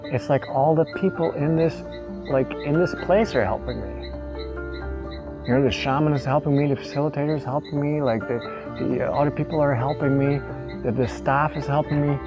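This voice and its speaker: A young man telling an emotional personal story, halting and repeating words as he chokes up with tears. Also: on the high side, music in the background, rough recording. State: tearful. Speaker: vlogger.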